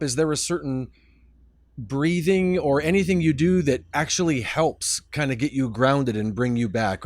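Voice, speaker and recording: A man with an average-pitched voice co-hosts a casual podcast, speaking in a halting, supportive way with many restarts. The sound is dry, with no room echo. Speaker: podcast co-host.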